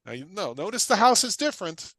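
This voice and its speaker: A man's voice: high-pitched, big pitch swings, sharp tone, dry recording. A middle-aged man teaching a live online class in an emphatic, repetitive way, driving points home with questions and casual asides. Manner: punchy, casual asides with quick tangents. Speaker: guest real estate investor teaching. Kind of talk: energetic livestream teaching talk.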